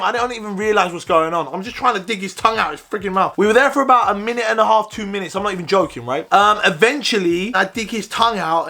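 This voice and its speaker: High-voiced young man. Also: noisy background. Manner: animated, swears a lot, frequent restarts. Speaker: vlogger. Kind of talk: casual storytime.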